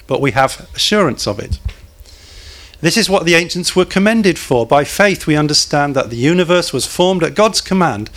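A man's voice: on the high side, animated, moderate pace, fairly bright tone. Conversational male preacher. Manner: conversational, asks the congregation questions, jokes. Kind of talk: sermon.

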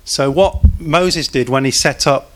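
Guy preaching in a church, chatty, asks the room questions, middle pitch. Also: unhurried. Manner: conversational, asks the congregation questions, jokes. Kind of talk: sermon.

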